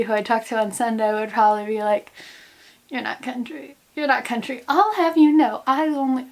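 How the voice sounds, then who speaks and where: A woman's voice: on the high side, darkish tone. A young American woman in her twenties chatting casually to camera at home, rambling and goofy, joking about herself. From United States. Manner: rambling, goofy, self-mocking. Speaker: vlogger, grad student. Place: indoors at home in quarantine.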